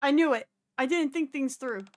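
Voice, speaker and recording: A woman's voice: sits high, moderate pace, close to an everyday voice. A woman voicing a timid, clingy shut-in girl who stammers and apologizes in a panic. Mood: devoted.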